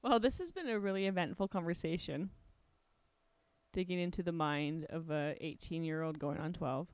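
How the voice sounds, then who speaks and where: A woman hosting a casual interview, teasing and firing quick questions. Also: deep voice, a little mellow, smooth, dry recording. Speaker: host.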